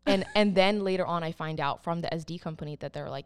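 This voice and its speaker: A woman, a wedding photographer and podcast guest, telling stories in an animated way and acting out what people said. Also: lowish voice, quick pace. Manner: animated storyteller, acts out quotes. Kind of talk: casual podcast chat.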